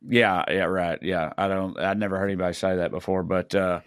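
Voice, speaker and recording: A man's voice: low voice, little pitch movement, fairly quick, clean tone, dry recording, clean studio sound. A man co-hosting a podcast in loose casual chat, rambling and correcting himself with a wry tone. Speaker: podcast co-host.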